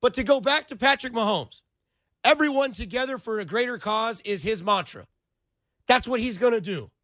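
A young man hosting a sports radio show in a studio, talking in an animated, rambling way full of playful comparisons. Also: very high-pitched, normal speed, dry recording. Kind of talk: casual sports radio banter.

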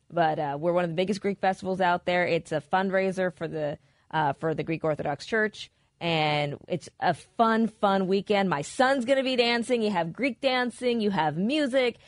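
A middle-aged woman co-hosting a radio show who talks quickly and eagerly while plugging a local event. Her voice is a little low for a woman. The recording is dry and close. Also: dry recording. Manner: enthusiastic, quick promotional delivery. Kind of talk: casual radio chat and event promotion.

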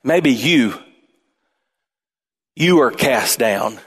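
A man pastor preaching a sermon in an animated way, his voice climbing toward near shouts at times. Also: medium pitch, very slow, husky.

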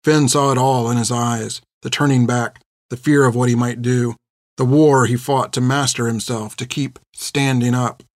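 A man reading a story aloud in a steady, measured narrating voice. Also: medium pitch, no echo, clean studio sound. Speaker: audiobook narrator. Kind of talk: scripted narration.

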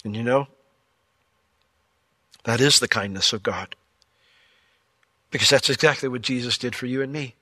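A man preaching a sermon as pastor, telling Bible stories with lively, playful asides. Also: medium pitch, moderate pace, pauses often, no echo, studio quality. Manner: animated storytelling with playful asides.

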